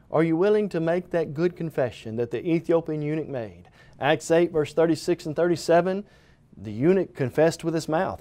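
A man's voice: fairly high pitch, moderate pace, dark tone. A man preaching a televised gospel sermon, speaking earnestly and directly to the viewer as "friend", building emphatic repeated phrases. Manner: emphatic repeated phrases, occasional stumbles on words.

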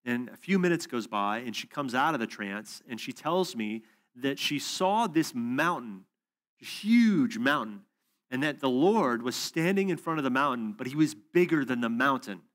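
Male preacher, mid pitch, chatty storytelling delivery with frequent "um"s, teaching to a conference room. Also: lively intonation, normal speed, a bit bright. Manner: storytelling, conversational with asides and fillers.

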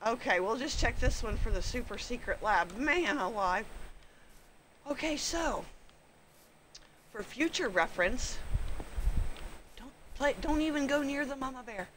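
Woman, high voice, very animated, panicky live game commentary, talks to creatures, faint background hiss. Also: measured pace, long pauses. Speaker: gaming streamer.

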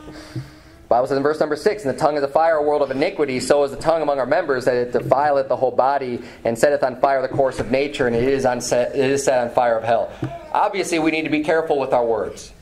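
A pastor preaching a sermon in church, reading scripture aloud with some restarts and fillers. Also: male voice, mid-range voice, fast, darkish tone. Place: church sanctuary.

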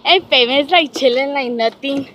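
A woman's voice: high-pitched, moderate pace, bright, forceful tone. A woman vlogging to a handheld camera while walking uphill outdoors, chatty and out of breath. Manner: chatty, switches into Spanish with family. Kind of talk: casual vlog chat. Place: outdoors on a city street. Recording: noisy street background.

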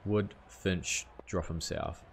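A man's voice: low-pitched, fairly even intonation, slow pace, gravelly, slight background noise. A young man chatting casually to viewers on a live game stream, easygoing and full of questions. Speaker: gaming streamer.

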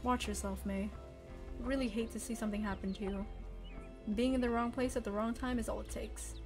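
A stern, weary small-town cop lectures in a grave, measured tone, as a woman reads him aloud while streaming a game. The voice sits a little high for him, with soft music faint behind. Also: fairly even intonation, close to an everyday voice. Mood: warning.

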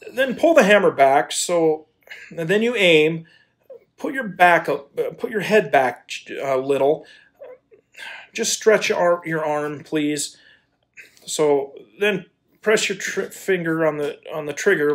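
A blustering landowner, hot-tempered yet suddenly lovestruck, as a man acts him out. He stammers and pleads, slow and halting, with a voice that leaps from low mutters to high outbursts. A community audio-play performance. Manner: stammering, then bursts into shouted pleas. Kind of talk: amateur radio play acting.

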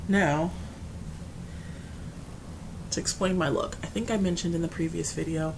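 A woman's voice: on the low side, steady tone, unhurried, gravelly, noisy background. Grieving woman talking to camera. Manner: grieving, rambling, restarts often, swings between quiet and loud. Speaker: beauty vlogger. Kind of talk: casual personal talk to camera. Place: her apartment.

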